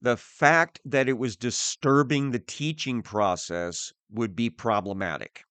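A man preaching a sermon, teaching slowly and deliberately with pauses. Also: medium pitch, fairly bright tone, dry recording.

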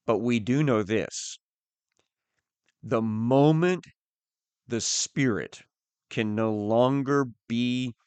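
Male preacher, low voice, unhurried deliberate sermon delivery, dry close sound. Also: clean tone, no echo. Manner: slow, deliberate teaching with pauses.

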